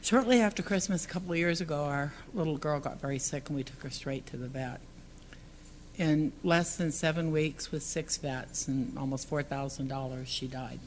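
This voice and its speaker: A woman's voice: sits low, moderate pace, a little hiss or hum. A woman giving public comment at a city council meeting, earnest and partly reading from prepared text.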